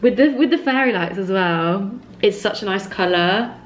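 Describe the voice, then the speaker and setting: A woman of twenty from England chatting casually to camera in her bedroom, gushing and excitable, full of "literally" and "like". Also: mid-range voice, normal speed, a little hiss or hum. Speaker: vlogger. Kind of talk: casual vlog chat. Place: small bedroom indoors with fairy lights.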